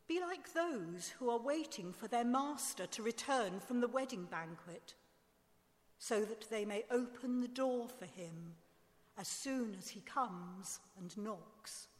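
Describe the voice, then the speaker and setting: A woman giving a slow, measured liturgical Bible reading in church. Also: mid-range voice. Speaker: scripture reader. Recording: long church reverb.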